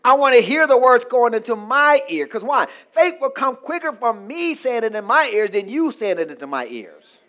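High-voiced preacher with call-and-response. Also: male voice, very animated, moderate pace, hardly any pauses. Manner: call-and-response, asks the congregation to fill in words; swings from loud shouting to low murmurs. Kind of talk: sermon.

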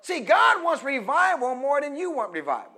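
A middle-aged man preaching a sermon, prompting the congregation to finish his phrases and swinging between quiet teaching and loud, emphatic preaching. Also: very high voice, huge pitch swings, moderate pace.

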